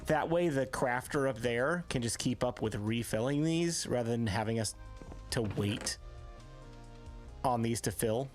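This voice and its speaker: This man's mid-range voice is a little slow, with soft music playing in the background. As he plays a game live on stream, he keeps up a chatty, casual conversation, reading the chat aloud and answering viewers' questions.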